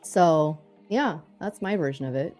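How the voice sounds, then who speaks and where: A young woman with a lowish voice chats casually on a live trading stream, lively and quick to laugh as she tells stories between trades. Faint music runs underneath her talk. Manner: chatty, animated storyteller, laughs often. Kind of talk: casual chat while day trading.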